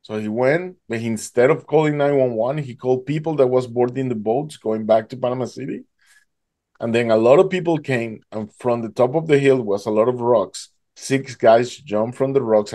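A man tells a gripping personal story. His voice is dark and mellow at rest. It leaps much higher whenever he acts out his own panicked cries. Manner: animated, acts out his own past voice rising high in panic. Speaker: guest telling his story. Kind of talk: emotional storytelling.

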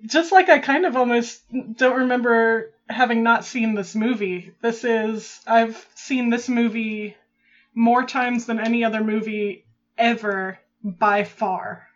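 Casting: female podcast co-host reminiscing, slightly high voice, muffled lo-fi mic. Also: fairly even intonation, measured pace. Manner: reminiscing, laughs often. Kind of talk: casual chat.

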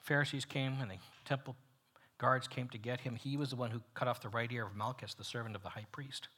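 A man leads a men's Bible study, teaching animatedly: he gets loud on emphatic points and drops nearly to a whisper on others. His voice is medium-pitched and slightly rough, and he talks a little fast.

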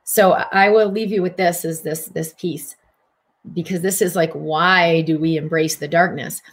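A middle-aged woman giving a casual spiritual wellness talk in gentle, flowing, affirmation-like phrasing. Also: lowish voice, fairly even intonation, unhurried. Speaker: wellness speaker.

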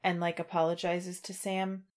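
A woman's voice: on the low side, moderate pace. A woman co-hosting a casual book discussion podcast, chatting and reading passages aloud. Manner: conversational, reads passages aloud in an even voice. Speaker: podcast co-host.

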